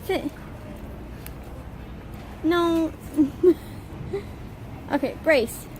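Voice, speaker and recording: High-voiced young woman vlogging. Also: extremely slow, darkish tone, a little hiss or hum. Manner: talks to her dog in short, high, praising commands. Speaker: vlogger and service dog handler. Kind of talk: casual vlog chat.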